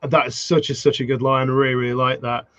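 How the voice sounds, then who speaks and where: A man's voice: medium pitch, little pitch movement, a bit bright, dry recording, dull audio. A man hosting a podcast, chatting casually and agreeing eagerly with his guest. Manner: enthusiastic, quick to agree. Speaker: podcast host. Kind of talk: casual interview chat.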